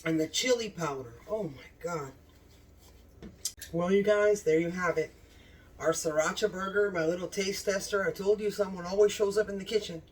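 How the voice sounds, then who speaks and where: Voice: mid-range voice, moderate pace, recorded from a distance. A home cooking channel host in a casual cooking vlog, gushing with enthusiasm about the food, recorded in a home kitchen.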